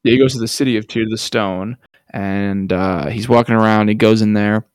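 A man's voice: fairly low pitch, fairly even intonation, normal speed, smooth, no room sound, clean studio sound. A man co-hosting a podcast, recapping loosely in a casual chat with slang. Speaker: podcast co-host.

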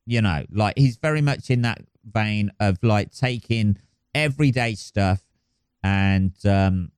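A man's voice: on the low side, slow pace, a little mellow, smooth, dry recording, clean studio sound. A man hosting a solo podcast, rambling and swearing with lots of ums and restarts. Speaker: podcast host.

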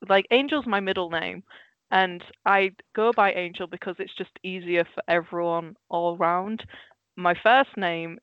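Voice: mid-range voice, no room sound. A young adult from the Netherlands with a Dutch accent, chatting as a podcast co-host in a passionate, rambling way and laughing easily. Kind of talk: casual chat. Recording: dull lo-fi sound.

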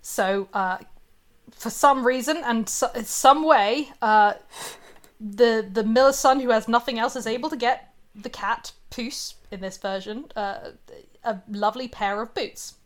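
A woman's voice: fairly high pitch, a little slow. A woman retelling a fairy tale in casual chat, with lots of fillers, asides and giggles.

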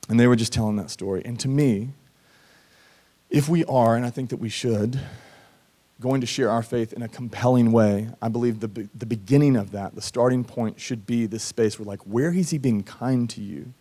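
During a church service, a Georgia pastor in his thirties delivers a sermon with personal storytelling, speaking earnestly and conversationally and performing the voices he quotes. He has a warm, medium-pitched voice at a moderate pace.

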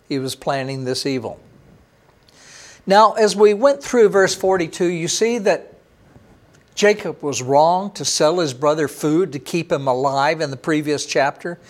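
High-voiced pastor reading scripture. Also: male voice. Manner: reads verses aloud with lifted emphasis, then drops to quiet commentary. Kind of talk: sermon reading and explaining scripture. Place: online church service.

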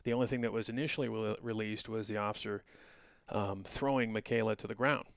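A middle-aged man with a gravelly, fry-laden voice delivers solo podcast commentary in an indignant, sarcastic, lecturing tone. He speaks close to the mic in a dry, dead room. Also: lowish voice, steady tone, fairly quick, no echo. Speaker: podcast host.

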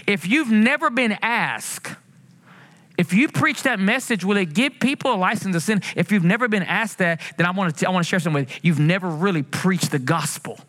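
Male pastor, high and bright, preaching with animated passion, sermon delivery. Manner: preaching with animated swings, rising passionately and drawing out quotes.

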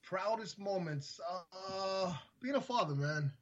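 A man in his forties, a podcast guest telling stories in a laid-back, halting way. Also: high voice, expressive, a bit bright, muffled recording. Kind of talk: casual chat, storytelling.

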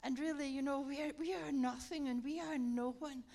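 A woman preaching a sermon, telling a lively story and acting it out with laughter. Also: sits high, brisk, gravelly. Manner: animated, acts out the story with laughter.

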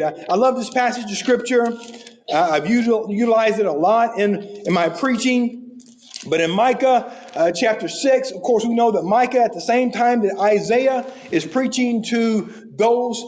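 A man preaching a sermon as guest speaker, swinging from loud raised scripture quotes to hushed low passages. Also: roomy sound.

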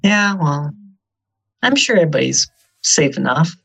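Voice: medium pitch, lively intonation, normal speed, creaky, fairly bright tone, slightly rough. A player in a tabletop game, speaking casually and joking wryly.

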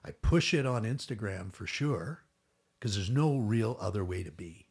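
A man's voice: fairly low pitch, lively intonation, moderate pace, creaky, slightly rough. A middle-aged man telling a long story as a podcast guest, rambling and acting out what others said, with casual swearing.

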